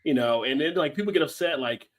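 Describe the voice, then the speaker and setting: A man's voice: fairly high pitch, fast talker. A man co-hosting a podcast in casual chat, rambling and laughing as he talks. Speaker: podcast co-host.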